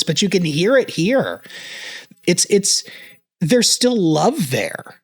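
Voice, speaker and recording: A man in his thirties gives an earnest, reflective reaction commentary, choked up and talking in halting bursts. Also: a little high, sing-song, a bit bright, slightly rough. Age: 30s. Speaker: reaction video host.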